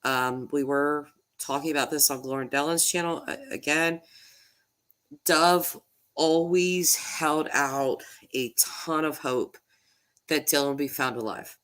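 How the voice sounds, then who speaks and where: A woman's voice: low voice, a bit bright. Emotional woman on the edge of tears. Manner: halting, repeats words, laughs nervously. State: emotional, near tears and nasal. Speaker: true crime YouTuber. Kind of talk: casual livestream chat.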